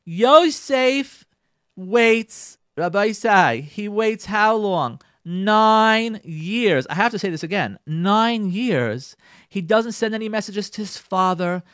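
Man, radio Torah speaker, high and lively, dramatic retelling to the audience, dry close mic. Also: takes it slowly, no room sound. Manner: dramatic storyteller, addresses "ladies and gentlemen", acts out dialogue; repeats and restarts phrases for emphasis. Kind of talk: animated Torah talk.

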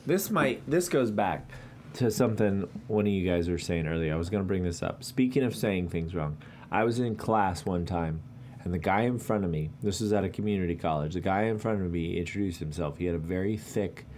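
A man's voice: low voice, a little fast, darkish tone, a little hiss or hum. A man co-hosting a radio show, teasing the others and telling anecdotes. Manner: storytelling, teasing. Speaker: radio co-host. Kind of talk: casual on-air banter.

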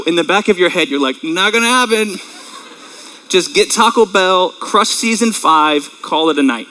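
A man in his thirties delivers a sermon in a bright, slightly raised voice. His preaching is earnest and conversational. He sounds close to tears at times and clears his throat now and then. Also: high-pitched, low-quality recording. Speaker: pastor.

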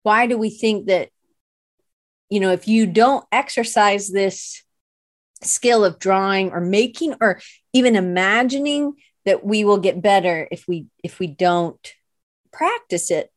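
A woman's voice: mid-range voice, unhurried, no echo, clean studio sound. A woman hosting a podcast in casual chat, rambling and playful, often self-deprecating, with lots of "like" fillers. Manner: rambling, chatty, many "like" fillers. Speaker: podcast host and illustration teacher.

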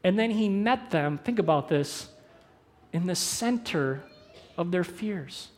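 A man preaching a sermon as pastor, animated, moving between loud emphasis and hushed, slow phrases. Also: high-pitched. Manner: quick asides mixed with slow, drawn-out phrases.

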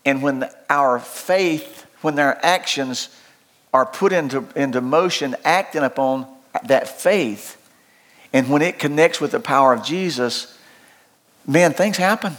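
Older preacher guy, loud and folksy, voice sits a bit high, lots of restarts. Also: unhurried. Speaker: pastor. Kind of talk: sermon.

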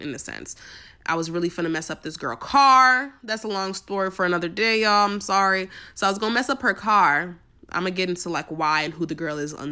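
Young woman telling a faith story, slangy. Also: fairly low pitch. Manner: animated storytelling, slangy and emphatic. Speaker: podcast host. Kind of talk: casual faith talk.

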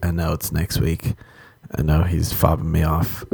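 Man, young adult, podcast host, low gravelly voice, dark tone, rambling swearing stories. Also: completely flat delivery, a little slow, dry recording. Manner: swearing, storytelling, acts out other voices. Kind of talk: rambling solo podcast monologue. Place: Los Angeles.

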